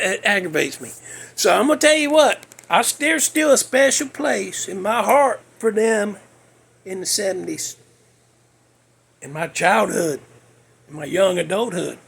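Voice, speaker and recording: A man's voice: sits high, animated, normal speed, gravelly, long pauses, fairly bright tone, breathy edge. A man, ranting bluntly in a folksy way as a podcast host. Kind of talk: casual monologue.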